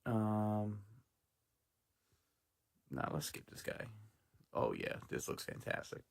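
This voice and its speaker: A man's voice: lowish voice, animated, slow, creaky, clean tone. A man giving casual, sarcastic, profane commentary while reacting to clips. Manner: sarcastic, swearing, laughing asides.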